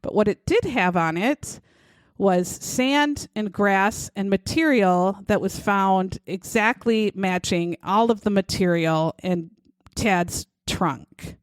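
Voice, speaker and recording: A woman's voice: mid-range voice, slow pace, dry recording. A woman co-hosting a casual true-crime podcast, talking bluntly, swearing freely and acting out what people said. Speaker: podcast co-host.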